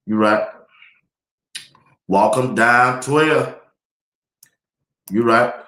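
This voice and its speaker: In an echoey room, a man runs a live sports talk stream, laughing a lot and chatting loosely as he reads viewer comments. He has a mid-range voice with a sharp tone and speaks very slowly.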